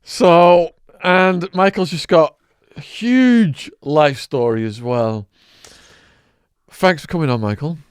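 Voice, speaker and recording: A man hosting a podcast, introducing his guest and asking brisk, quick-fire questions. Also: a little high, smooth, dry recording, studio quality. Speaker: podcast host. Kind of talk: interview hosting.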